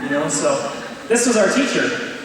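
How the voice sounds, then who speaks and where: A man's voice: fairly high pitch, animated, moderate pace, fairly bright tone, a little hiss or hum. A young man giving a joking, candid chapel talk, telling stories about himself to a crowd. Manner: joking, candid and self-deprecating. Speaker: chapel speaker. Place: large chapel hall. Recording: echoey hall, speaker far from mic.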